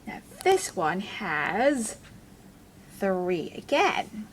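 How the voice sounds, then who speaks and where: A woman leads a children's phonics lesson at a very slow, careful pace, stretching out each letter sound. Her voice is bright and swoops up and down with lots of melody as she encourages the little ones and chats to a puppet helper. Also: high voice, big pitch swings, a little hiss or hum. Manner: sounds out letters one at a time, drawn-out and encouraging.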